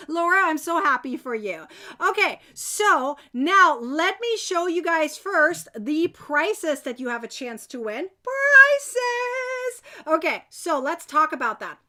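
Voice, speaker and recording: A woman hosting a live crochet giveaway stream, chatting to viewers and cheering on winners. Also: sits high. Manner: bubbly, cheering, quick bursts of excitement. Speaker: crochet channel host running a giveaway.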